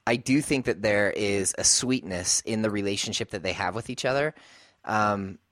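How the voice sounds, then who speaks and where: A man's voice: lowish voice, normal speed, fairly bright tone, dry recording. A man co-hosting a podcast, talking things through thoughtfully and often laughing as he searches for words. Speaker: podcast co-host. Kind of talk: casual chat.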